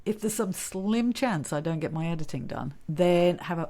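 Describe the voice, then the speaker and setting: Woman, chatty podcast co-host, lowish voice, laughs a lot. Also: lively intonation, moderate pace, mellow. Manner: chatty, laughs often, talks over her co-host. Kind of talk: casual chat.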